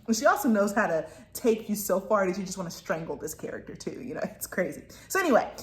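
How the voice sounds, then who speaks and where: A woman's voice: medium pitch, expressive, quick pace, slight background noise. A woman talking casually about a book she is reading, rambling with lots of asides and fillers. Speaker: book reviewer. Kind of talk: casual book review chat. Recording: roomy echo.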